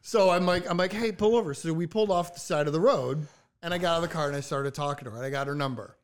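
A man spins a long anecdote in relaxed podcast banter. His voice sits a little high, and he livens up when quoting others. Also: fast talker. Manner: animated storyteller, acts out quotes in raised voice. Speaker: podcast co-host. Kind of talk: casual storytelling chat.

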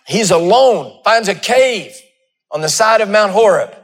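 A man who is a pastor, preaching a sermon with dramatic storytelling, rising to loud peaks and dropping to hushed asides, before a laughing audience. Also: high-pitched, lively intonation, measured pace.

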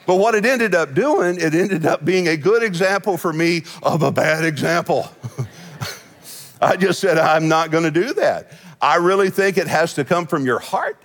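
A middle-aged senior pastor gives a conversational sermon in a church sanctuary, folksy and full of stories, laughing often. His voice is a little high with lively intonation at a normal speed, and the hall adds long reverb.

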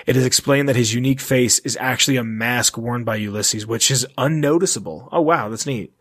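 Male podcast host, mid-pitched, casual delivery: reads text aloud and tosses in offhand comments. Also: fairly quick. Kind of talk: casual podcast chat, reading notes aloud.

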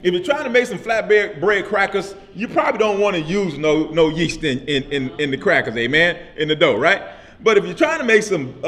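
A man with a high-pitched voice delivers a sermon in relaxed, everyday speech. He circles back on his phrases and keeps checking in with his listeners through a steady "amen?". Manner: repetitive call-and-response preaching with frequent "amen?"; casual vernacular speech. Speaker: pastor.

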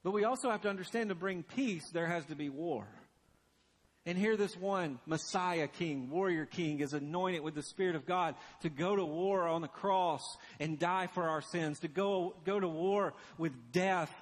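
A man preaching a sermon as pastor, earnest and urgent, dropping to a hushed intensity for emphasis. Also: high voice, normal speed, big-room sound.

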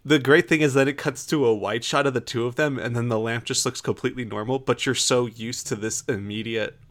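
A man's voice: mid-range voice, fairly even intonation, brisk, a bit bright. A man co-hosting a podcast, talking through a film in a casual, analytical way with some hesitant fillers. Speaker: podcast co-host.

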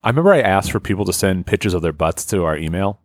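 A man's voice: deep voice, animated, quick pace, dry recording, clean studio sound. A man co-hosting a podcast, joking crudely in casual banter and laughing often. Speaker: podcast co-host.

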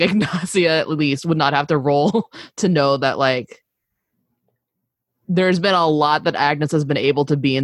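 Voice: medium pitch, dry recording. Chatty tabletop player, dry sound. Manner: chatty, laughs between phrases. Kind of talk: casual role-play narration.

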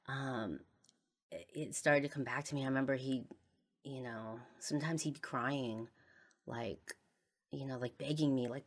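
A podcast host with a low voice delivers a personal, confessional monologue about a regret. Her speech is halting and full of fillers, often fading to a quiet trail as each thought ends.

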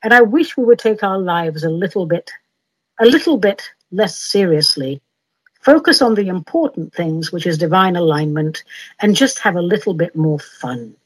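A woman's voice: fairly low pitch, expressive, moderate pace, husky, dry recording, low-quality recording. A woman hosting her own podcast, talking in a whimsical, self-mocking way and reading silly rhyming verse. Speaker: podcast host. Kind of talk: playful podcast monologue and comic verse reading.

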